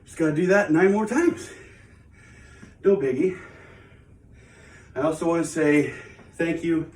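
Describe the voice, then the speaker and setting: A man's voice: fairly high pitch, a little slow, a little mellow, recorded from a distance. Breathless man in an echoey studio. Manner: chatty, rambling, self-mocking. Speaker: channel host. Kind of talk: casual vlog talk while exercising. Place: home studio. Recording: echoey room, away from the mic.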